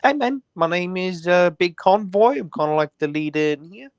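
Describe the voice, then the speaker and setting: A man voicing a robot leader as a laid-back dude in a slack, halting drawl, as a comic impression. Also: high-pitched, expressive, no room sound. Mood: lazy goofy. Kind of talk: comic impression in casual chat.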